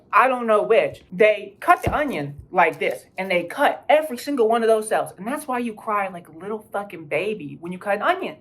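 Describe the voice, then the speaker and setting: A woman hosting a casual cooking vlog, talking bluntly with lots of swearing and mocking asides while she explains each step. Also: mid-range voice. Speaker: cooking video host.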